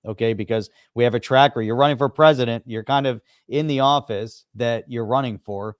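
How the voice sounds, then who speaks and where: A man co-hosting a livestream, sarcastic and quick to laugh in casual chat. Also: medium pitch, no room sound, clean studio sound. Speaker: livestream co-host.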